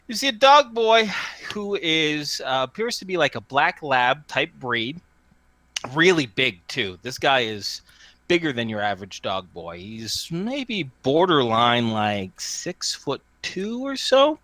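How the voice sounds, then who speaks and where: Lively, bright-voiced game master. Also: male voice, fairly high pitch, slow pace, no room sound. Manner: rambling, with fillers and restarts. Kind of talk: narrating a tabletop game.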